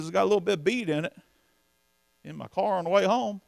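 A man's voice: high voice, fast talker, vocal fry, long pauses, no room sound. A man preaching from the pulpit, folksy and emphatic, often asking the congregation questions. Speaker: pastor. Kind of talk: sermon.

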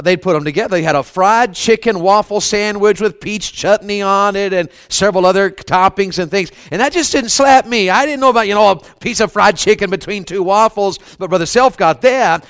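A man's voice: high voice, fairly bright tone. A man preaching a revival sermon, telling funny stories in a folksy, conversational way and calling on the congregation for amens. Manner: humorous storytelling, asks the crowd for amens.

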